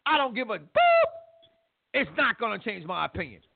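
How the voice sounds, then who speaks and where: Animated loud opinionated man, tinny audio. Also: very high voice, moderate pace, vocal fry. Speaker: podcast host. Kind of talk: heated sports talk show banter.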